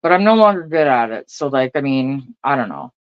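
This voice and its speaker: A woman's voice: very deep voice, sing-song, brisk, clean tone, dry recording, dull audio. A middle-aged woman, ranting casually and profanely to her viewers, laughing often between lines. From Canada. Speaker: vlogger.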